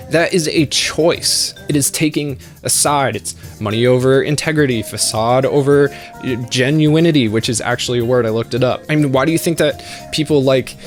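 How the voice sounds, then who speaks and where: A man hosting an anime channel, delivering a blunt, sarcastic, opinionated video essay. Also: fairly high pitch. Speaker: YouTube anime channel host. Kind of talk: scripted video essay rant.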